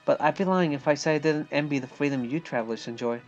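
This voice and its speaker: A man voicing a young woman, an innkeeper's daughter, in a soft wistful tone. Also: fairly high pitch, fast talker, muffled recording, soft background music, close to an everyday voice.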